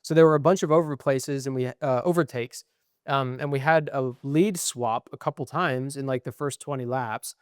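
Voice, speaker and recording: A man's voice: mid-range voice, normal speed, clean tone, no echo, studio quality. Profane, ranting young man. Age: young adult. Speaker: podcast co-host. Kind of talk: casual chat.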